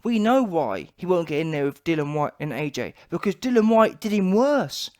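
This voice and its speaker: A man's voice: fairly high pitch, sing-song, normal speed, a little mellow. A British man with a British English accent, ranting in an emphatic, repetitive and mocking way on a boxing vlog. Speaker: boxing vlogger. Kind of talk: opinionated vlog rant.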